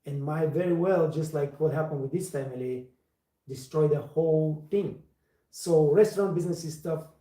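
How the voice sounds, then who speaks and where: A man with a slightly high, mellow voice talks at a moderate pace in an echoey room. He's a livestream host and waiter trainer chatting casually, speaking emphatically, repeating words for stress, and using non-native phrasing.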